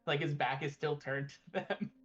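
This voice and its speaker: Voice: medium pitch, moderate pace, dull audio, loud music behind the voice. Casual rambling tabletop player. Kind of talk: tabletop game play.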